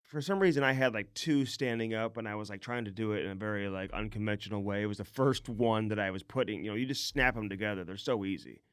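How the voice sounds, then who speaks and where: A man's voice: fairly low pitch, fast talker, few pauses, smooth, dry recording, clean studio sound. A man co-hosting a sports podcast, telling rambling anecdotes full of fillers. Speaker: podcast co-host. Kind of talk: casual sports chat.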